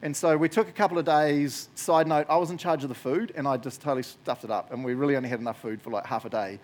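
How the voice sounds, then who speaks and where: A man's voice: mid-range voice, fast talker. A man with a New Zealand accent preaching a sermon in church, casual and chatty, often adding "eh" and laughing easily. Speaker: pastor.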